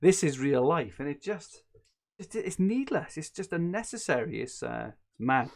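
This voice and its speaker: Chatty podcast host. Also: male voice, a little high, sing-song, normal speed, gravelly, a little mellow. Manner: chatty, laughing often, with frequent restarts. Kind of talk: casual chat.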